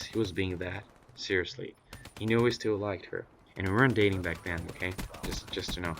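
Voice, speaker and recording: Profane young man telling a story. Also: low voice. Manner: animated, profane, ranting bursts. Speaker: vlogger. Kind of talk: casual storytelling.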